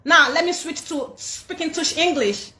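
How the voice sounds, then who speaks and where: Woman doing a snooty fake-American posh lady, mocking, high and quick, echoey room. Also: sharp tone, full character voice. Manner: mocking, drawling "like, seriously".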